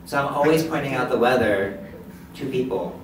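A man's voice: medium pitch, normal speed. A man voicing a deaf presenter's signed story in first person as a live interpreter, with short restarts. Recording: echoey hall, distant mic, background noise.

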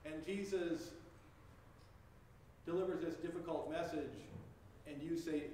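High-voiced man preaching in an echoey church. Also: fairly even intonation, measured pace, long pauses, a little mellow, recorded from a distance. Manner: vivid second-person storytelling, conversational. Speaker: pastor. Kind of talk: sermon. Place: church sanctuary. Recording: echoey church heard from afar, faint noise.

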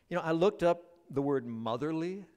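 Lively, joking male pastor preaching. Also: on the high side, smooth. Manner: joking, animated storyteller addressing the congregation. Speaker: guest pastor. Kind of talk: sermon. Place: church service.

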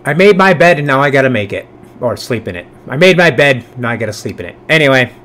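A man hosts a reaction video with casual, profane commentary, swinging between loud outbursts and low mutters and sometimes cooing baby talk at his cat. His delivery is sing-song and quick.

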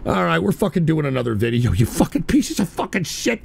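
A man's voice: fairly high pitch, sing-song, fairly quick, creaky, hardly any pauses, husky, no echo. A profane, easily riled man hosting a call-in radio show.

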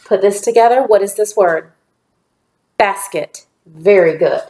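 A woman teaching a phonics lesson to young children, patient and encouraging, drawing out each word slowly. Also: mid-range voice, warm tone, reverberant.

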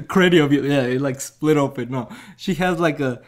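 A man casually retelling a movie's plot, rambling with lots of fillers and chuckling at his own jokes. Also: on the high side. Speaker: movie reviewer.

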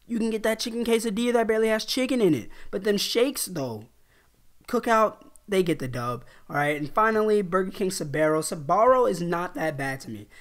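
A man's voice: sits high, brisk, a bit bright. A man from New York talking casually in a vlog, offhand and loose, tacking "all right?" onto his points. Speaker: YouTuber.

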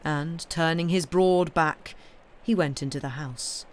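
A man with a slightly high voice reads a classic mystery aloud on a live stream. His narration is steady and even. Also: a little slow. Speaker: reader.

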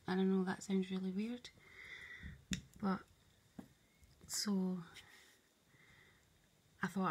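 A woman's voice: mid-range voice, little pitch movement, drawn-out words, pauses often, a little hiss or hum. A woman talking in a meandering, confiding monologue, often dropping to a whisper and voicing both sides of an imagined conversation. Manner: hushed, often drops to a whisper. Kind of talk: rambling spoken monologue to camera.

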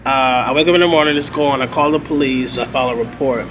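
High-voiced, animated man telling a story. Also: fast talker. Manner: animated storyteller, acts out quotes, heavy cursing. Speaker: teacher telling his own story. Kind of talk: animated documentary interview. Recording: interview with clear background noise.

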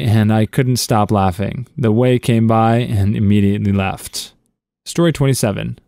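A man narrating a string of short reader-submitted stories in a steady, even storytelling read. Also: fairly low pitch, normal speed, vocal fry, dry recording, studio quality.

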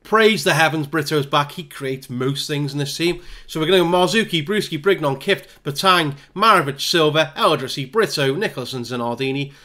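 Exasperated gamer commentating a match; bright, slightly high voice. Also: male voice, fairly quick, hardly any pauses. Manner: exasperated, animated play-by-play. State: hay fever. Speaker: gaming YouTuber. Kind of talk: live game commentary.

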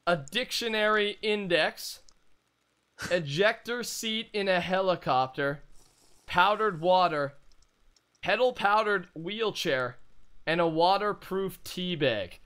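A young man hosting a casual gameplay commentary, talking in an excitable, rambling, jokey way. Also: sits high, slow pace, long pauses, clear, resonant tone. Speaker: gaming channel host.

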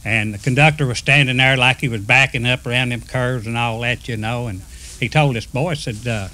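A man swaps railroad yarns in an easy, folksy way. His voice sits at an ordinary middle pitch, and he acts out the lines of the people in his stories. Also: brisk, pushed and bright. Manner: folksy yarn-spinner, acts out quoted speech. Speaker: retired railroader telling stories. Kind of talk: casual storytelling.

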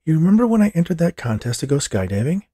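A man voicing an upbeat young woman, talking with excited energy. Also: fairly high pitch, fast, breathy edge, no room sound, studio quality, voice pushed up.

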